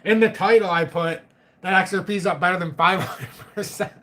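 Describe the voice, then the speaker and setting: A man's voice: sits high, fairly quick, heavy background noise. A middle-aged man hosting a live chat stream, joking, laughing often and swearing casually. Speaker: livestream host.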